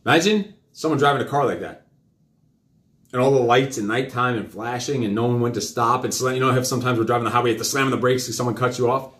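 A middle-aged man hosting a live talk show, lecturing his child in a fast, rambling way full of questions. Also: mid-range voice, fairly bright tone. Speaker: host. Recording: roomy echo.

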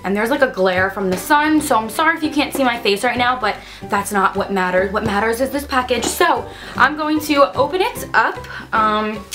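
A woman's voice: on the high side, moderate pace, music in the background. A young woman vlogging casually at home, bubbly and gushing, squealing with delight as she talks. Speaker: beauty vlogger. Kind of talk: casual unboxing vlog.

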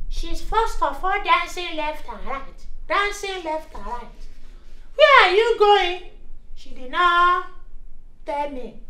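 A man's voice: very high-pitched, sharp tone, exaggerated voice. A man with a Nigerian accent playing a jovial, meddling preacher in a comic gospel film, moving between English and Yoruba. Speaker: pastor. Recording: echoey room with music bed.

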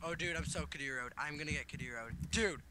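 A man chatting casually while playing a game, excitable and given to quick outbursts and exclamations. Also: fairly high pitch. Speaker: co-player.

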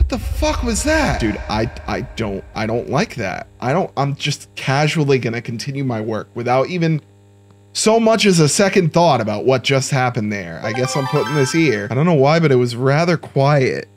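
A man's voice: medium pitch, expressive, normal speed, faint music behind. A young man giving casual, joking let's-play commentary, talking to himself with sudden startled outbursts. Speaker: gaming YouTuber.

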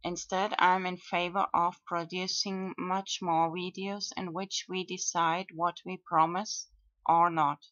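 A woman video blogger talking through her own comments in a monologue, with frequent pauses and fillers. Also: fairly low pitch, little pitch movement, fairly bright tone, no echo. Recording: dull lo-fi dry recording.

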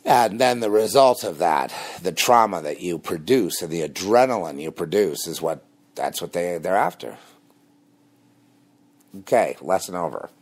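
A man hosting a rambling, combative monologue, dropping low and quiet when he confides. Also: animated, normal speed. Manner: rambling and combative, mocking laughs. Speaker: host. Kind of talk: spoken monologue on religion and conspiracy.

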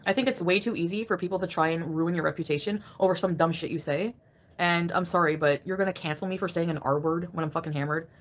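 A woman livestreaming from home, venting in an angry, crabby, profane rant that jumps between grumbling and sharp loud outbursts. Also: fairly low pitch. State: crabby and irritated. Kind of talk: ranting live stream chat.

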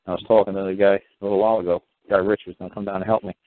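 A man's voice: low voice, flat delivery, rapid-fire. A man hosting a call-in radio show, telling blunt, rambling stories and swearing casually. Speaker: call-in talk show host. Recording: tinny phone-line radio audio with faint hiss.

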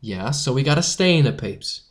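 A man's voice: mid-range voice, animated, moderate pace, close to an everyday voice. A man voicing a confident teenage newsboy strike leader who talks in a rousing, eager way.

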